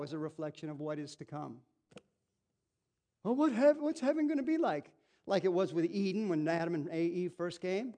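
A male pastor preaching a sermon in an animated, emphatic way, repeating phrases and asking rhetorical questions. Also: high voice, normal speed.

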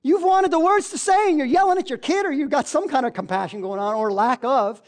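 Speaking fairly quickly, a female preacher gives an impassioned sermon. She circles back to her key phrases and shifts from booming, emphatic exclamations to quiet, murmured asides.

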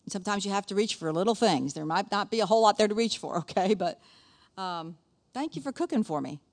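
A woman's voice: medium pitch, fast. A middle-aged woman teaching to a church group in a folksy way, with laughing asides and quoted scripture. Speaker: speaker at a church gathering. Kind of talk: sermon-style teaching.

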